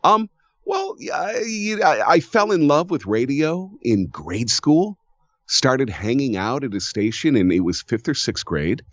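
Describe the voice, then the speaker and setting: A man's voice: medium pitch, big pitch swings, unhurried, no room sound, dull audio. A man in his fifties from Ohio, a voiceover artist chatting as an interview guest, telling stories animatedly and laughing often. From Cleveland, Ohio. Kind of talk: casual interview chat.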